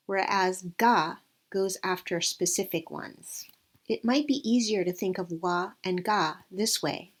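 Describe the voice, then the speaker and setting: A woman teaching Japanese grammar, explaining clearly and evenly with example sentences. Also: mid-range voice. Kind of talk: scripted lesson narration.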